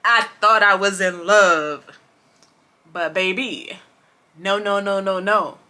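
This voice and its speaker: A woman chatting to camera about books she read, rambling with many fillers and restarts, passionate and expressive. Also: mid-range voice, slow pace. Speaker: booktuber. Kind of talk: casual chat to camera.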